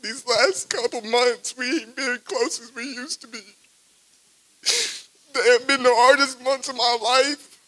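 A young man crying as he gives a halting, emotional eulogy for a friend at a memorial service. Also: very high-pitched, steady tone, fairly bright tone, rough recording. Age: young adult. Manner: emotional, halting, repeats phrases.

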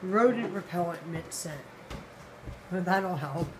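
A woman's voice: fairly low pitch, slow pace, a little mellow, slight background noise, low-quality recording. A woman hosts a casual food-tasting vlog late at night, sounding tired. She is blunt and candid and keeps talking with her mouth full. She speaks into a phone camera indoors at home. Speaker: food vlogger.

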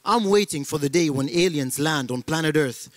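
A man's voice: on the high side, moderate pace, background noise. A man from Africa who grew up in Belgium, doing stand-up comedy in a playful way and mixing in Romanian words.

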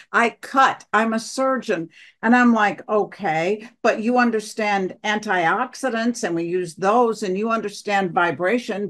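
A woman recounting a personal story in an interview, acting out the dialogue of the people in it. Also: medium pitch. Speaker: guest, wife of the other guest.

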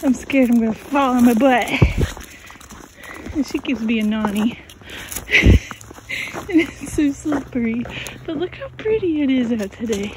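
A woman's voice: high-pitched, expressive, moderate pace, noisy background. A woman vlogging in a casual, rambling chat, often giggling.

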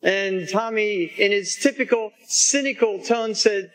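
A male priest telling a story as part of a homily, gently and without hurry. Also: high-pitched, a little slow, few pauses, low-quality recording.

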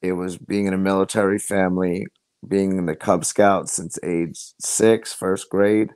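Low-voiced man telling his story earnestly. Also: little pitch movement, darkish tone, smooth, dry recording. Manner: earnest, halting, many restarts. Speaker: podcast guest. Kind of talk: personal storytelling in conversation.

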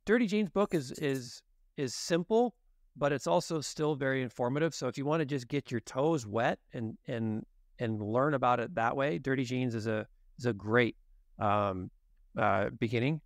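A man's voice: mid-range voice, normal speed, no echo, clean studio sound. A man as a guest expert on a podcast interview, explaining in detail and acting out exchanges with patients. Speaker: guest expert on genetics and nutrition.

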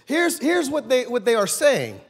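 A man pastor preaching a sermon in a church, animated and conversational, questioning his congregation. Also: very high voice, unhurried, gravelly, husky. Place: church sanctuary. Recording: long church hall reverb.

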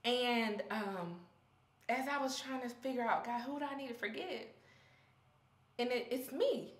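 A woman's voice: on the high side, unhurried, long pauses, roomy sound. A young woman vlogging candidly about her faith, heartfelt and close to tears, in a casual, slangy way. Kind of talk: personal faith vlog.

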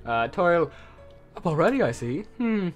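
A man voicing a gentle, motherly female goat monster, reading her game lines softly in a put-on accent. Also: a little high, sing-song, normal speed, faint music behind, pitched above the performer's own voice. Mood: warm. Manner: soft, kindly, doting, speaks in an accent. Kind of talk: reading game dialogue aloud.

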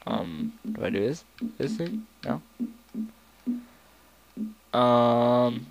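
A man's voice: medium pitch, lively intonation, very slow, slight background noise. Rambling young man narrating his game. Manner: rambling, breaks into song snippets. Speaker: let's player. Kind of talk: casual gameplay commentary.

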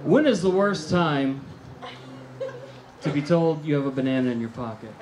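A middle-aged American man delivers a stand-up set with deadpan, absurd one-liners. His voice sits a little high. The sound is echoey, picked up in a theater room with a faint hiss underneath. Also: moderate pace. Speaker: stand-up comedian. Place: movie theater stage before a live audience.

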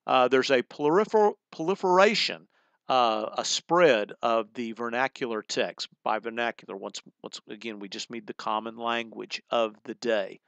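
A man's voice: mid-range voice, fairly bright tone, clean tone, no echo. A middle-aged man giving a recorded college humanities lecture in a conversational way, explaining terms as he goes and often restarting his phrases.

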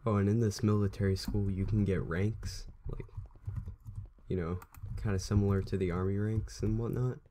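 A man's voice: lowish voice, steady tone, moderate pace, dark tone, a little hiss or hum. A young man chatting to viewers in a rambling way while he plays through a video game. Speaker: gameplay commentator. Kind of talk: casual let's play commentary.

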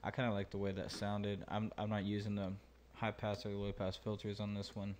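Here the mixing tutorial host sounds lowish, monotone and a little mellow, moving a little fast. His relaxed, think-aloud delivery is full of fillers, and there's slight background noise.

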